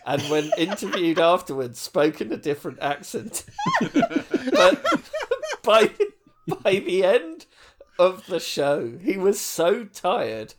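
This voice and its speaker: A man's voice: sits high, sing-song, slow, a little hiss or hum. A man in casual chat with fellow comedy performers, telling a story while giggling. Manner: giggly, telling an anecdote through laughter.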